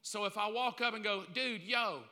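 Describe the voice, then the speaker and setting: Pastor, male, fifties, high bright voice, candid jokey sermon, church hall reverb. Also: moderate pace. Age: 50s. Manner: candid, joking, acts out little scenes.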